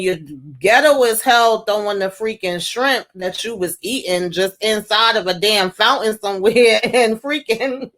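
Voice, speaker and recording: A woman casually recapping a TV episode for her channel, slangy and animated, with mild cursing. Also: fairly high pitch, a little slow. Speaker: TV recap vlogger.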